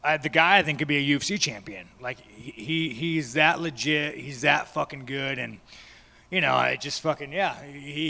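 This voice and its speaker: At a media day, a male fighter answers reporters in a press scrum, his replies blunt, profane, and rambling. His voice is fairly high, gravelly, bright, and forceful. The large room gives the recording an echoey, hall-like sound.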